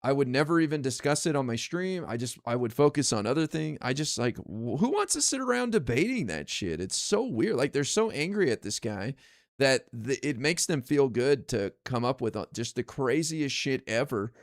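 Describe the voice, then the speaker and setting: A man's voice: medium pitch, sing-song, moderate pace, dry recording, studio quality. A man ranting casually on his stream, exasperated and profane, rambling with lots of fillers. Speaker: political streamer.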